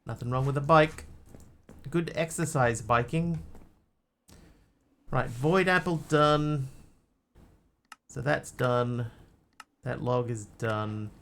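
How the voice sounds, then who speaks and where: A man's voice: mid-range voice, slow, gravelly, pauses often, fairly bright tone. Chatty man streaming a game. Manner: chatty, greets and answers chat while playing. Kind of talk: casual gameplay chat.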